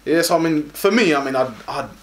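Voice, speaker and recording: A man's voice: a little high, fairly quick, a bit bright, slight background noise. A man co-hosting a casual football podcast, rambling and restarting his sentences. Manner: rambling, many fillers and restarts. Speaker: podcast co-host.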